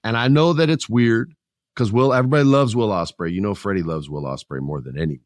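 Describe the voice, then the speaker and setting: Brief: male podcast host, lower-pitched voice, joking and animated, dry close mic. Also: fast, no echo. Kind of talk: casual wrestling chat.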